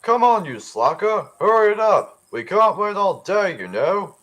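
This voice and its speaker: Man doing a sneering male diesel engine, pitched high with a strained, unusual tone, storybook tale. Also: very animated, measured pace, a bit bright, exaggerated voice. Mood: snarling. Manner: snarling, sarcastic. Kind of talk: storybook reading.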